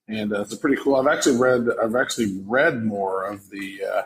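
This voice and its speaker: A man's voice: on the low side, a little fast, a little hiss or hum, rough recording. A man co-hosting a casual podcast, teasing his partner and joking about himself. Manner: self-mocking, playful teasing. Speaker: podcast co-host.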